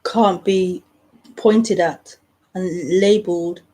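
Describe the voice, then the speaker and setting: Slow, reflective woman teacher. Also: on the low side, steady tone. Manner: slow, reflective, with pauses and soft laughs. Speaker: nondual spiritual teacher. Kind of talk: live spiritual talk.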